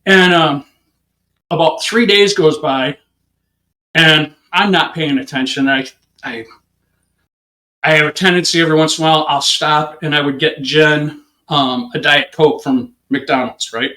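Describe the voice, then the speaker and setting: A man, a police officer and interview guest, telling a story in a lively, conversational way and acting out the people in it. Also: on the high side, unhurried, echoey room, poor audio. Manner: conversational, peppered with "you know". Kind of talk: animated anecdote telling.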